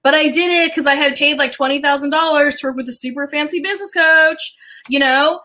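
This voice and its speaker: A woman hosting a casual livestream as a business coach and astrologer, chatty and animated, swearing casually and talking straight to her viewers. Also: sits high, a little fast, rough recording.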